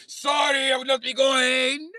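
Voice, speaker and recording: Guy doing a loud formal german dude, nervous, way higher than his normal voice. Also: little pitch movement, unhurried, heavily acted. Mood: stiff refusal. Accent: put-on German. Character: nervous, stiff German man refusing a trip.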